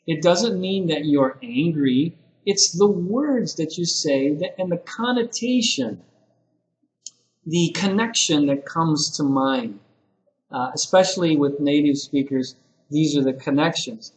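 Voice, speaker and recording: A man's voice: on the high side, lo-fi sound. A man giving an ESL teacher-training lesson in a conversational way, acting out sample phrases a teacher might say. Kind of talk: lecture-style teaching video. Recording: echoey room.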